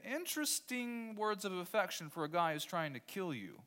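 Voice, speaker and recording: A man's voice: high voice, sing-song, moderate pace, pushed and bright. A man preaching a sermon as pastor, emphatic, repeating key phrases and putting rhetorical questions to his listeners.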